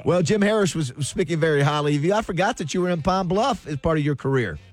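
A man's voice: on the high side, animated, quick pace, soft background music. A man hosting a casual morning radio chat, chatty and often repeating words as he goes. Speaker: radio show host.

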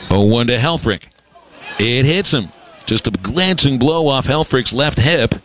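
A man calls a baseball game play-by-play at a brisk, conversational clip, with a dry sense of humor between pitches. His voice sits at an ordinary middle pitch. The broadcast audio sounds slightly dull. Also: animated, a faint crowd, slight background noise. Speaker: play-by-play announcer. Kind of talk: live baseball play-by-play commentary.

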